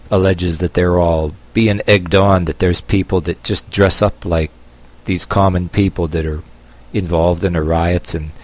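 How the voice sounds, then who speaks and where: A man from the United States talking in a rambling opinion video, halting with many fillers and restarts and dropping sarcastic asides. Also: low voice, darkish tone. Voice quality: long-haired, calls himself a hippie. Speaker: vlogger.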